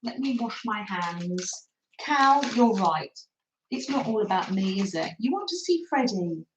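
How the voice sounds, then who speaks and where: A woman's voice: medium pitch, animated, unhurried, a little hiss or hum. A woman hosting a live craft stream from her home craft room, rambling and laughing at herself and cooing fondly at her dog. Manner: rambling, self-mocking, laughs often, coos at her dog. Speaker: craft livestream host. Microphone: streaming camera on the table. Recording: roomy, slightly dull home stream.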